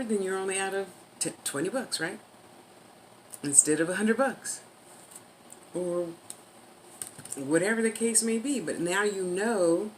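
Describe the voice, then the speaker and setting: This woman has a low, deep speaking voice and talks loosely to her viewers, drifting between asides and advice. She stretches some words out slowly for emphasis. A faint hiss runs under the recording. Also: low-quality recording. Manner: rambling, chatty, yawning, drawn-out emphasis. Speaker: vlogger giving life advice. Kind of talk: casual talk to camera.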